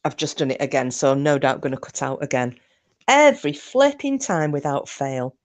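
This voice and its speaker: A woman's voice: deep voice, lively intonation, moderate pace. A middle-aged woman, chatting casually to her live stream viewers in a rambling way with frequent laughs.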